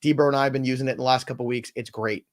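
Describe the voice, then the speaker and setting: A man co-hosting a fantasy football show in casual chat, excitable and emphatic, prone to ranting. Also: mid-range voice. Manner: excitable, emphatic, quick to rant.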